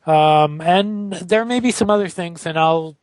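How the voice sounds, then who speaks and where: Halting man, slightly high voice. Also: dry recording. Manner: halting, many fillers and restarts. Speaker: podcast co-host. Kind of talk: casual podcast chat.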